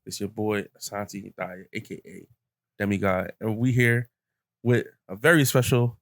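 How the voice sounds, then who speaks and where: A man's voice: fairly low pitch, a little slow. A young man hosting a podcast, retelling a story in casual chat, full of fillers and quoted voices. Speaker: podcast host.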